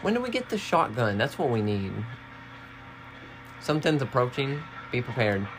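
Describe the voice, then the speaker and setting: A woman with a remarkably low-pitched voice that swings widely as she talks. She chats casually through a let's-play and gets loud and coaching when fights break out. Faint game music plays behind her. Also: very animated, moderate pace. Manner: cheering and coaching loudly in fights. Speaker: co-host watching a game being played.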